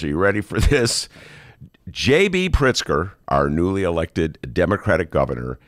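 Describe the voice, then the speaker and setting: A man's voice: low-pitched, no room sound, clean studio sound. A middle-aged man hosting a casual political show, wry and sarcastic with rambling asides. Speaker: podcast host.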